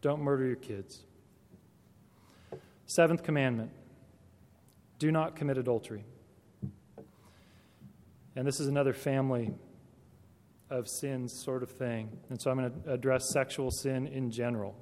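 A man's voice: medium pitch, steady tone, a little slow, pauses often, darkish tone. Man preaching in a reverberant hall. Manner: direct, conversational, asks rhetorical questions. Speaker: speaker to teachers. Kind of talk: talk to Christian educators.

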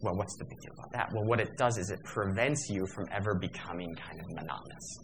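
A man's voice: sits low, fast, vocal fry, over music. A man giving a workshop lecture in a discursive, digressive manner, with fillers and self-corrections.

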